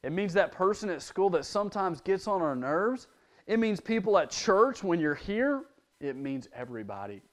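A man leading children's church, preaching a lively lesson straight to the kids and praying aloud. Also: sits high, normal speed. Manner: lively storytelling, addressing children directly; prays aloud. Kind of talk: children's sermon.

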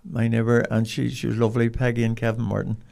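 An older man with a Northern Irish accent, telling rambling, animated stories as an interview guest. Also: medium pitch, quick pace, creaky. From Northern Ireland. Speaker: guest, dog trainer. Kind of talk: casual storytelling.

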